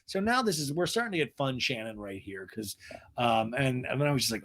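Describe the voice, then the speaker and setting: A man's voice: mid-range voice, expressive, brisk, a bit bright. A man hosting a podcast, giving a snarky, rambling comedic recap. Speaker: podcast host. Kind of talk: comedic recap of a reality show.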